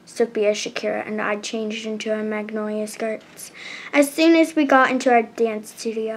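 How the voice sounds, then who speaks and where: Woman reading a kids book out loud, slow and halting, keeps restarting words. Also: a little high, fairly even intonation. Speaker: storybook reader. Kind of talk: reading a chapter book aloud.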